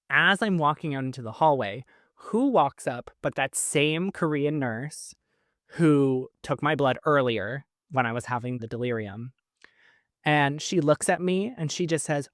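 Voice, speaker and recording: A man's voice: medium pitch, fairly bright tone, no echo, clean studio sound. A man from Canada, hosting a podcast and telling a personal story in a chatty way, full of fillers and laughs. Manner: chatty, lots of "like" fillers, laughs between lines. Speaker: podcast host. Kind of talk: casual storytelling.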